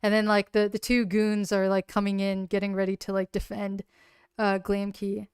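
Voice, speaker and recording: A woman's voice: mid-range voice, monotone, normal speed, a little mellow, clean tone, dry recording, clean studio sound. A woman casually recapping her solo tabletop game on a livestream, rambling with lots of "like" fillers and gushing openly. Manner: rambling, heavy use of "like" fillers.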